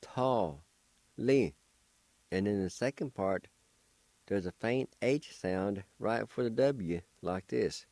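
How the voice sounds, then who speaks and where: A man's voice: lowish voice, slow, a little mellow, no room sound. A man hosting a radio language lesson, patiently spelling and pronouncing words syllable by syllable. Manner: patient, encouraging teacher. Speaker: radio host teaching a language.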